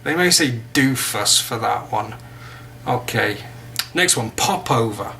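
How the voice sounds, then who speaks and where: Brief: English male teacher, bright, forceful tone, chatty and jokey. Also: medium pitch, lively intonation, slow pace, creaky, slight background noise. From England. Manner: chatty, joking asides. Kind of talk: casual vocabulary lesson.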